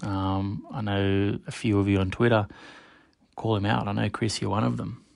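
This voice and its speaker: Gravelly-voiced man hosting a podcast. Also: fairly low pitch, steady tone, moderate pace, no room sound, studio quality. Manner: chatty, addresses listeners directly by name. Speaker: podcast host. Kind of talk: casual solo podcast monologue.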